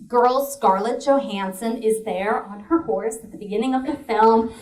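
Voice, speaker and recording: A woman performing a solo comedy show, telling a story with laughter and dry, deadpan asides. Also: a little high, normal speed.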